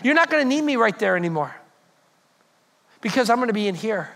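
A man's voice: high-pitched, a little fast. A man preaching a sermon as pastor, telling stories and speaking directly to his congregation. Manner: storytelling, animated, addresses congregation directly.

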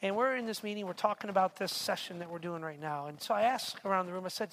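A man's voice: high-pitched, fast, hardly any pauses, a bit bright, a little hiss or hum. A middle-aged man preaching a sermon in a chatty storytelling way, repeating words and checking in with "right?". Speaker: pastor.

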